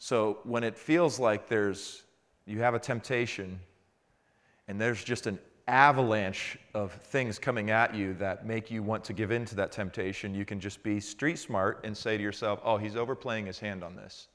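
A middle-aged man, a pastor, preaching a conversational sermon that swings between quiet reflection and animated storytelling. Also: lowish voice, moderate pace. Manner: conversational preaching, builds to animated frustration in anecdotes.

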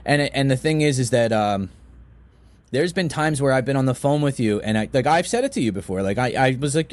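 A man co-hosting a podcast, telling stories in casual chat and acting out quoted voices with big jumps in pitch. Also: animated, brisk. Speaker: podcast co-host.

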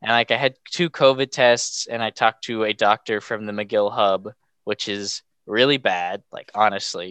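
Rambling through casual stories as a podcast guest, a young man fills nearly every phrase with "like." His voice sits on the low side, bright, forceful and clean, in a dry recording.

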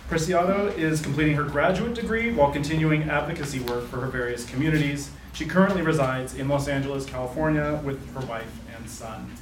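A man's voice: fairly high pitch, a little fast, few pauses, background noise. A man hosting a live literary event, casually introducing the next reader with fillers and asides. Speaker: event host. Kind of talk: introducing a speaker. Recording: roomy hall, distant mic, faint ambience.

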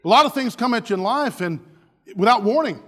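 A man delivers a sermon as a humorous story, full of quick restarts. His voice sits high and sounds bright and forceful. It carries the long reverb of a church hall. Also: animated. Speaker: pastor. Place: church sanctuary.

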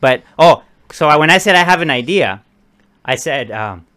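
A man's voice: fairly high pitch, expressive, normal speed, sharp tone. A man co-hosting a podcast, telling a story in casual chat and acting out both sides of a conversation. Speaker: podcast co-host.

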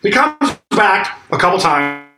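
Animated man telling a story, echoey room. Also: high voice, a little slow. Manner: animated storyteller acting out quotes, swears freely. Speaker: guest drummer. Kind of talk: casual storytelling interview. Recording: echoey room with faint noise.

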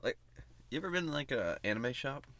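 A man's voice: mid-range voice, big pitch swings, a little fast, fairly bright tone, no room sound. A man co-hosting a casual podcast chat, joking in a crude, playful way. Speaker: podcast co-host.

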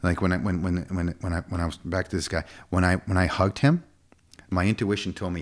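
Male coach, 40s, very low voice, emphatic and repetitive interview guest. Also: animated. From United States. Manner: emphatic, repetitive, quick swings up to a high pitch. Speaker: fitness coach. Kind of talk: casual interview talk.

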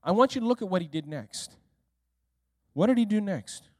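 Delivering his sermon at normal speed, this male pastor has a high, expressive voice with sweeping pitch swings. He talks straight to listeners in the room, repeatedly checking in and asking the congregation questions, and the recording sounds close and dry with minimal echo.

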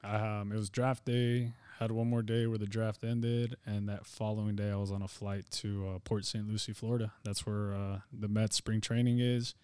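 A man's voice: on the low side, little pitch movement, normal speed, hardly any pauses, mellow, clear, resonant tone, no echo. Laid-back young man telling his story. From Nogales. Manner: laid-back, peppered with "man" and "you know". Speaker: podcast guest, former pitcher. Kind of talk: casual storytelling interview.

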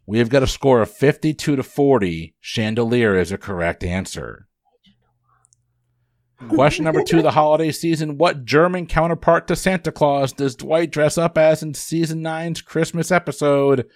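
A man hosting a trivia podcast, running the quiz in brisk, upbeat patter. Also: on the high side, dry recording, clean studio sound.

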